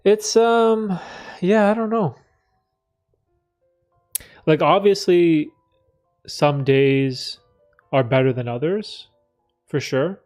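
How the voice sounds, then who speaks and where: A man hosting a live stream, chatting candidly in a rambling, reflective way with many fillers, often clearing his throat. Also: fairly high pitch, expressive, slow pace, long pauses, a little mellow, faint music behind. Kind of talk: casual live stream chat, reading chat.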